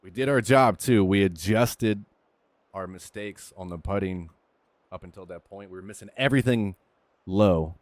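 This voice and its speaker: A man's voice: lowish voice, moderate pace, dry recording. A man streaming a golf video game, talking through his shots in casual commentary, candid and coaching himself, swearing now and then. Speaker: gaming streamer. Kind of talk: casual commentary while playing.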